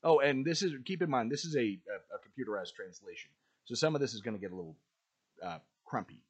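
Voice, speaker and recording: A man hosting a podcast in casual commentary, who clears his throat often and wanders into asides while reading a speech aloud. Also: mid-range voice, lively intonation, fast. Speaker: podcast host.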